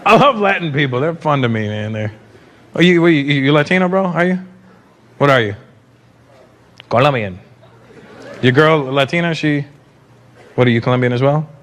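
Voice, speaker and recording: Brash, high-voiced stand-up comedian. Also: male voice, lively intonation, normal speed, pauses often, fairly bright tone, a little hiss or hum. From Canada. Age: 50s. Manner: brash, crowd-teasing, switches into voices. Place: large live venue. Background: faint audience laughter.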